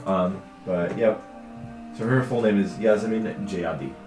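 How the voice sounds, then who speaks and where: A man running a tabletop game as dungeon master, calmly describing scenes and townsfolk. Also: fairly low pitch, unhurried. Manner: relaxed, describes scenes and voices townsfolk in quotes. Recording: roomy sound with background music.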